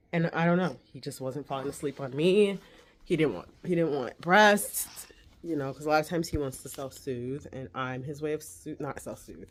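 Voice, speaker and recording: A woman in her forties talking candidly at home about life with her baby, in a chatty vlog manner with tender asides to the child. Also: deep voice. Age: 40s. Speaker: mom vlogger. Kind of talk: casual vlog chat.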